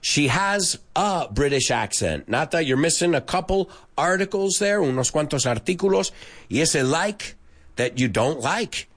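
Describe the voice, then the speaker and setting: A man's voice: a little high, animated, a bit bright. A man teaching English who is sick with a cold, reading out learner comments, correcting mistakes and switching between English and Spanish. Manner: spells out words letter by letter slowly. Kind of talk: live English lesson reading out listener comments.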